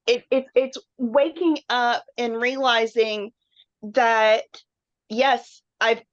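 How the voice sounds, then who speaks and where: On a video call, a webinar guest shares a health story as a candid personal testimonial. Her fairly high voice stays steady and slow while she rambles earnestly and emotionally, saying "like" often. The dry online call audio sounds dull and muffled.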